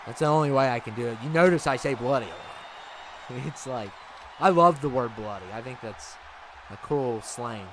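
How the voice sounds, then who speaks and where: A man talks to his livestream viewers in a loose, rambling way, laughing easily as he goes. His voice sits at an ordinary middle pitch. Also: normal speed, a bit bright, some chatter behind, slight background noise. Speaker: livestream host. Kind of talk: casual chat with viewers.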